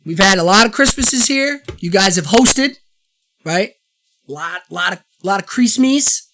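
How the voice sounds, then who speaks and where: A man's voice: high-pitched, animated, a little slow, noisy background. A man hosting his own show, giving a fired-up, rambling sports opinion rant that circles back and repeats itself. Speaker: show host.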